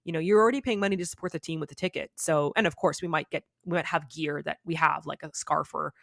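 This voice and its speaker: A woman's voice: low-pitched, fairly even intonation, fast talker, creaky, a bit bright, no room sound, clean studio sound. A woman guest on a podcast, talking candidly in a chatty, rambling way with many fillers. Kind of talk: candid conversational interview.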